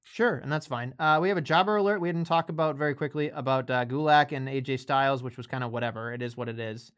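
A man's voice: medium pitch, fast talker, a bit bright, clean tone. A man co-hosting a casual wrestling podcast, rambling along with fillers and restarts. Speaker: podcast co-host.

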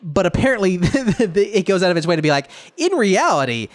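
Podcast co-host, man, slightly high voice, giggly, casual cursing. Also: animated, quick pace. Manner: laughs often, swears casually. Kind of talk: casual movie discussion.

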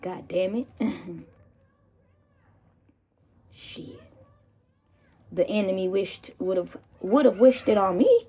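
A woman's voice: mid-range voice, drawn-out words, pauses often, warm tone, breathy edge. A woman hosting her own podcast, ranting casually and profanely with laughing asides, recovering from pneumonia. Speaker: podcast host. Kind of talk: casual solo rant.

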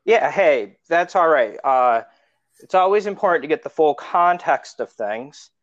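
A man, a pastor hosting a podcast, talking in a measured, easygoing way with frequent ums, and reading scripture aloud. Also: fairly high pitch, lively intonation, no room sound. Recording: dry, slightly dull lo-fi podcast recording.

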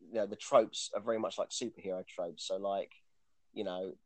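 A man talks casually about movies in a fairly low voice, rambling and restarting his sentences as he goes. The recording is dry and close, with no room sound. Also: fairly even intonation, a little fast, a little mellow, no room sound. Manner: rambling, chatty, frequent restarts and fillers. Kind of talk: casual chat about films.

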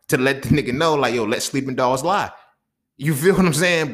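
A man's voice: fairly high pitch, fairly quick. A man hosting a podcast, ranting heatedly in a casual monologue full of profanity and street slang. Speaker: podcast host.

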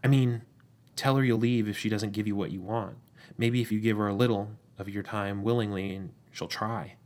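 A man voicing a male demon who talks in halting, hesitant phrases in a low voice. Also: steady tone, a little mellow, lightly acted. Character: male demon, scheming yet tender.

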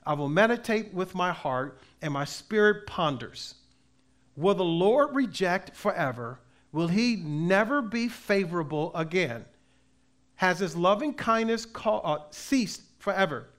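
A man preaching a sermon as pastor, with emphatic delivery that swings between loud and soft and slow readings of scripture. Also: sits high, animated. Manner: reads scripture aloud slowly.

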